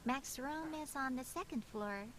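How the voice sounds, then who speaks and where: A computer voice doing a high-pitched young woman who runs an inn, pushy and forward. Her delivery is stilted and she mispronounces words in odd ways. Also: moderate pace, fairly bright tone.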